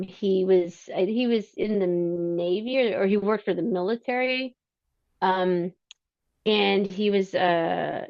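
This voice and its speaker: A woman telling her personal story as a podcast guest, halting, with many fillers and restarts. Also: lowish voice, gravelly, highs cut off.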